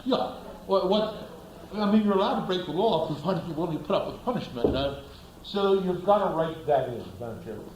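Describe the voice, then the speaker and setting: A man's voice: high-pitched, animated, normal speed, a little mellow, echoey room, slight background noise, poor audio. A man giving a classroom lecture, asking the class rhetorical questions and acting out little scenes.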